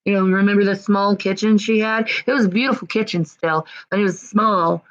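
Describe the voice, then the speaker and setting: A woman's voice: mid-range voice, steady tone, fairly quick, lo-fi sound. A woman chatting casually on a livestream, rambling, sighing and swearing often, out of breath.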